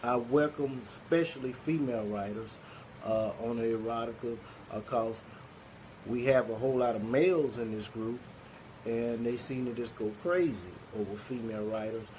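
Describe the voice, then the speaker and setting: A man's voice: mid-range voice, steady tone, moderate pace, a little mellow, slight background noise, rough recording. A man with a Southern Arkansas accent hosting a poetry group, talking casually and rambling with many fillers and restarts. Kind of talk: casual live-stream talk.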